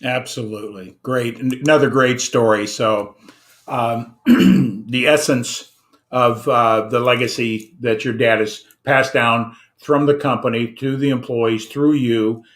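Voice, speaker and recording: A man hosts an interview and works as a financial coach. He talks in an earnest, reflective way and sums up his guest's points. He repeats phrases and uses fillers, at a middle pitch. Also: steady tone, a little slow, a bit bright.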